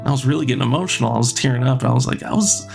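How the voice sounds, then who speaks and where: A man with a gravelly, creaky edge to his voice, performing a stand-up bit. He talks in an animated way and jumps between voices as he tells the story. Faint music sits underneath. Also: medium pitch, quick pace. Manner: animated, acting out both sides of a story. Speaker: stand-up comedian.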